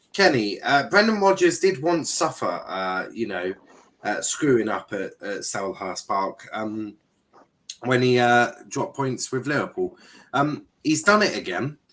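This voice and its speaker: A man hosts a casual football panel show in a fairly low, slightly bright voice. He sounds hesitant, filling his talk with ums and other fillers, and trades blunt banter.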